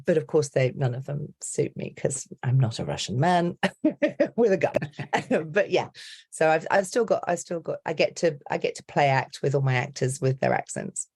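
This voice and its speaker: A middle-aged woman from the UK, an accent coach, talking in a chatty, animated way as a podcast guest. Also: low voice, moderate pace, breathy edge. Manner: animated, chatty, laughs often. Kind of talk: casual podcast interview.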